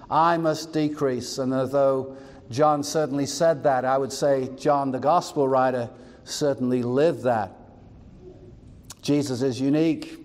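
A man's voice: a little high, darkish tone. Emphatic preaching man in a reverberant hall. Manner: emphatic, expository preaching with asides. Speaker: pastor. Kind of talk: sermon.

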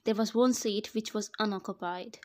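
A woman's voice: medium pitch, steady tone, moderate pace, darkish tone. A woman narrating her own fan fiction story in the first person, in a conversational voice-over. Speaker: narrator and author.

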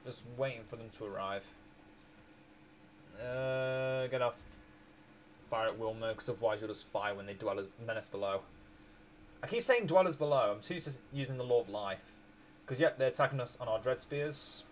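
A man's voice: mid-range voice, normal speed, pauses often, a little hiss or hum. A man streaming a strategy game, rambling through his moves with restarts and small chuckles while tired and hiccuping. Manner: rambling, self-correcting, chuckling. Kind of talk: casual gameplay commentary.

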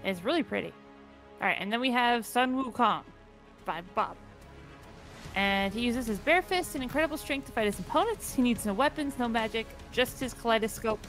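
A woman's voice: on the high side, lively intonation, moderate pace, fairly bright tone, faint music behind. A woman co-hosting a gaming stream, reading out entries in a chatty, casual way. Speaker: stream co-host.

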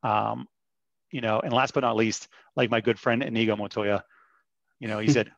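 Gravelly guy pitching his partner program, upbeat, dry muffled audio. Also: fairly even intonation, moderate pace, a bit bright, no room sound. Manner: upbeat, persuasive, many restarts. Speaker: vendor presenter. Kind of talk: webinar sales presentation.

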